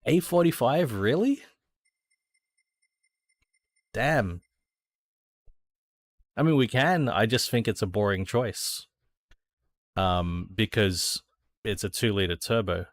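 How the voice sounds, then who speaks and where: A man's voice: fairly low pitch, slow, long pauses, no room sound. An Australian man streaming a racing sim, chatting casually to viewers, thinking aloud and swearing freely. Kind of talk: casual gameplay chat.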